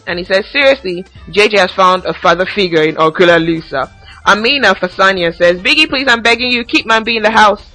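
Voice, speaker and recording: A woman's voice: medium pitch, sharp tone, rough recording. A young woman hosting a casual commentary podcast, ranting with sassy asides and recapping reality show gossip. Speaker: podcast host.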